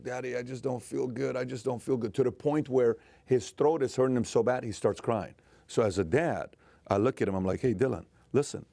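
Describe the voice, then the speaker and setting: A man in his forties telling a personal story in an emphatic motivational talk, dropping to a soft, emotional tone. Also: mid-range voice, no room sound. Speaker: motivational speaker and host.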